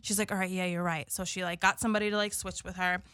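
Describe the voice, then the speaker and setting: A young woman co-hosting a casual chat, animated as she tells a story and quotes others in her own voice. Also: lowish voice, fast talker, clear, resonant tone, no echo, clean studio sound. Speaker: podcast co-host.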